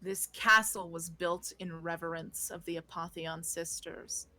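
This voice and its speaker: A woman's voice: lowish voice, steady tone, a little slow, bright, forceful tone, dry recording. A woman voicing a proud, stern female knight who rules a castle, speaking in a formal, commanding way.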